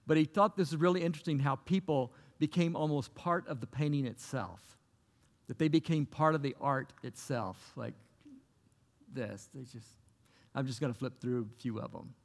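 A man preaches in an earnest, conversational way, circling back to key phrases. His mid-pitched voice has a gravelly, fried edge. A long hall reverb trails after each phrase. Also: normal speed. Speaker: pastor. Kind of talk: sermon.

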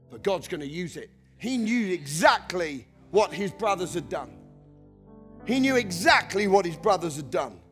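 A man preaching a passionate sermon, shouting and lilting into a sing-song delivery. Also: high voice. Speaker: pastor.

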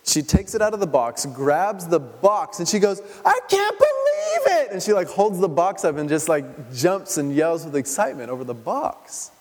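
Male pastor, slightly high voice, chatty sermon style full of rhetorical questions, long church-hall reverb. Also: animated, moderate pace, few pauses. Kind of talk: conversational sermon.

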